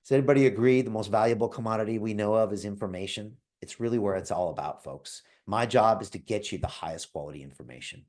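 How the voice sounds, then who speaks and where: A man hosting a live call and giving a motivational pitch, speaking emphatically, calling on listeners by name and asking "right?" again and again. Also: quick pace, hardly any pauses, darkish tone. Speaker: host pitching an investment club.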